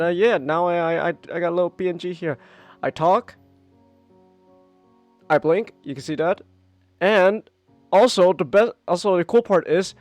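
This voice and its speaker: High-voiced excitable male streamer. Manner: animated, swears a lot, bursts into high whoops. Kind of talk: casual live-stream chat.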